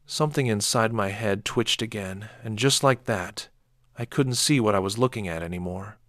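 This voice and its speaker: Low-voiced man narrating a horror story. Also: moderate pace, a bit bright, dry recording, clean studio sound. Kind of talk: scripted first-person horror narration.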